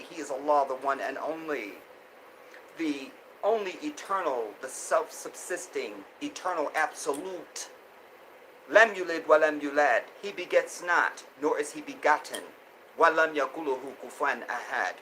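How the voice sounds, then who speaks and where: A man's voice: on the high side, a bit bright, a little hiss or hum, low-quality recording. A man hosting a casual live stream, reading viewer comments aloud and reacting with lots of laughter and repeated phrases. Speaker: host.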